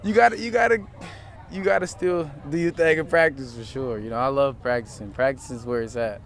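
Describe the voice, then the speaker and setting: A teenage high school football player answering questions in a relaxed way, rambling with lots of fillers, outdoors at a field. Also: male voice, fairly quick, creaky. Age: teens. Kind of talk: casual interview.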